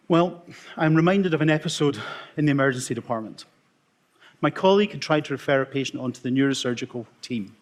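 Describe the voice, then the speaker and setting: A middle-aged Scottish man, an emergency consultant, telling wry, self-mocking stories in a talk with dramatic pauses. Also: medium pitch. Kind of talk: storytelling conference talk.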